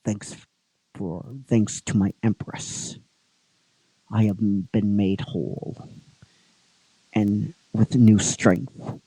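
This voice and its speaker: A grim gold-armored monster warrior, voiced by a man telling the story, dropping into a deeper register and weighing each slow, formal word. The delivery is dry and close, with a dragging pace. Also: little pitch movement, mellow, breathy edge, no room sound, full character voice, low-quality recording. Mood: solemn. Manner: slow, heavy, formal speech.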